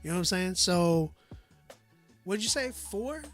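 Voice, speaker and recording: A man's voice: sits high, expressive, a little slow, long pauses, a bit bright, soft background music. A man reviewing listeners' songs live on a stream. He talks in a loose, slangy way, laughs often and trails off with "like". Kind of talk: casual live-stream chat.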